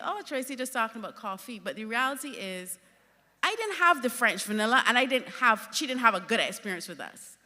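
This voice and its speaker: Lively woman in an echoing hall. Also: mid-range voice. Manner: lively storyteller, emphatic. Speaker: conference speaker. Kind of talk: conference talk.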